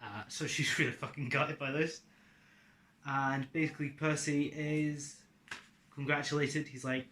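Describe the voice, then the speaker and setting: A man's voice: fairly high pitch, fairly even intonation, measured pace, pushed and bright, a little hiss or hum. A man casually explaining his own story adaptation to viewers, in a loose, offhand way with fillers and the odd swear. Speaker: video creator summarizing his series adaptation. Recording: echoey room.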